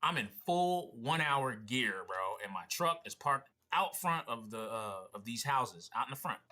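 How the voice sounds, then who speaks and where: A man from Pennsylvania who hosts a reaction vlog and talks in loose slang, swearing and saying bro often. His voice is bright and forward, and his pitch moves a lot as he tells his story. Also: expressive, measured pace. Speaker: vlog host reacting to a video.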